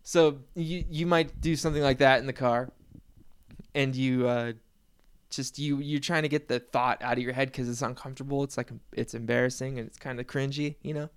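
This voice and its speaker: Smooth-voiced man rambling casually. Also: mid-range voice, fairly even intonation, normal speed. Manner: rambling, profane, self-deprecating storytelling with laughs.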